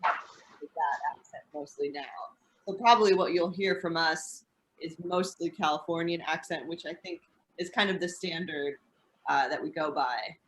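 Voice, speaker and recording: A woman's voice: low-pitched, unhurried. A woman from Indiana with an American accent, explaining English pronunciation in a casual teaching chat.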